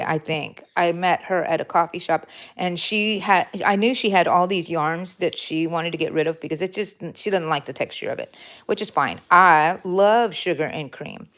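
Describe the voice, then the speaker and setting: During a crochet live stream, a woman with a fairly low pitch chats casually and replies to viewer comments as she crochets. She rambles, uses fillers, and corrects herself along the way.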